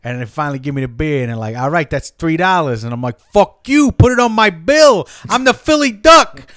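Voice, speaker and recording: Guy putting on a cocky cursing duck, high and loud, swings all over the place. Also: big pitch swings, a little fast, no room sound, clean studio sound. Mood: boastful. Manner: loud, profane bragging catchphrase shouting. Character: foul-mouthed swaggering male duck bar brawler.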